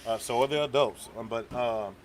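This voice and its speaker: A man's voice: mid-range voice, normal speed, a little hiss or hum. A man in casual chat telling a wild story, repeating words as he builds up to it.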